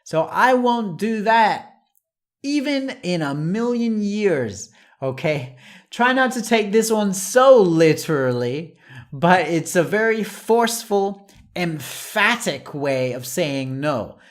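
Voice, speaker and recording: An English teacher giving a lesson to learners, saying each example phrase slowly and more than once, with light chuckles between points. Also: mid-range voice, sing-song. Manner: slow and deliberate, repeats each phrase as an example.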